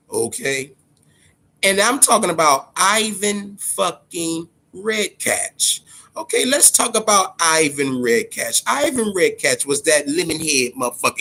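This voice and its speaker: A man with a slightly high voice hosts casual boxing commentary, animated and profane. He repeats himself as he addresses his audience.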